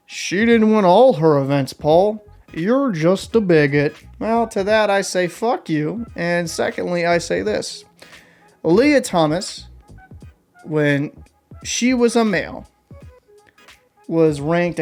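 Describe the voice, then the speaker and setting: A young man hosting an opinion vlog, talking in a blunt, heated and combative way. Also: high voice. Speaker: vlog host. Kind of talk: opinion commentary rant.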